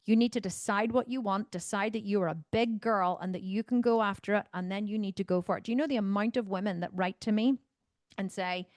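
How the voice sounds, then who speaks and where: A fitness coach from Northern Ireland answers member questions in a casual group video call Q&A, speaking briskly, bluntly and with plenty of swearing. She's animated, swinging between low asides and loud outbursts, and her video call microphone gives clean, studio-like sound with no echo.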